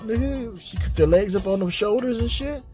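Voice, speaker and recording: A man hosting a podcast, telling a crude comic story in a rambling, animated way, repeating filler questions. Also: sits high, moderate pace, soft background music. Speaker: podcast host.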